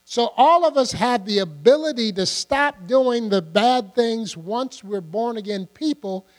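A man's voice: very high-pitched, lively intonation, a little slow. An older man preaching a sermon in a conversational way, often putting questions to his listeners. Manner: conversational, asks the congregation questions. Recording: long hall reverb with mains hum.

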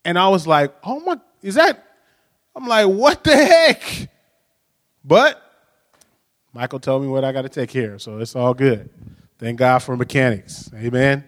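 Male pastor, high voice, chatty storytelling sermon, reverberant church sound. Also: a bit bright. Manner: storytelling, frequent "right?" tag questions. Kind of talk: conversational sermon. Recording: long hall reverb.

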